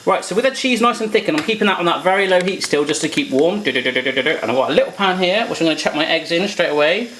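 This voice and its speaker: A man's voice: fairly high pitch, lively intonation, fast, hardly any pauses, fairly bright tone, slight background noise. A man hosting a casual cooking demo, joking around and making playful asides as he cooks. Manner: jokey and playful, with silly asides. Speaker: home cook and channel host. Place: home kitchen. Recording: echoey kitchen room.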